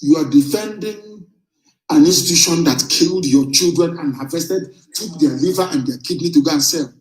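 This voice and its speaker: A man's voice: a little high, normal speed, soft background music. A man delivers a defiant, combative address in a slightly raised voice. The sound carries a roomy echo, as if spoken in a bare room. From southeastern Nigeria. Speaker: movement leader. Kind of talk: broadcast political address.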